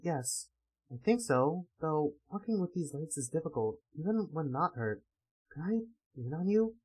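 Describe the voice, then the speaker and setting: A man voicing a quiet, hesitant young woman, gentle, in a lively sing-song delivery. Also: fairly high pitch, unhurried, breathy edge, full character voice, rough recording.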